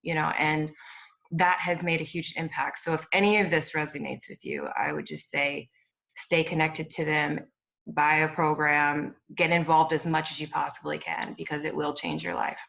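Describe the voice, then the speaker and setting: A woman's voice: sits low, normal speed, creaky, a bit bright, muffled recording. A woman client giving a blunt, direct testimonial over a video call. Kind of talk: candid testimonial.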